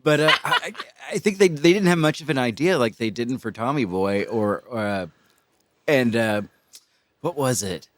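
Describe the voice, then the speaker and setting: 40s guy cohosting a podcast, easygoing, trails off with fillers, lively pitch, dry close sound. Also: moderate pace, no room sound. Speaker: podcast co-host. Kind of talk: casual chat.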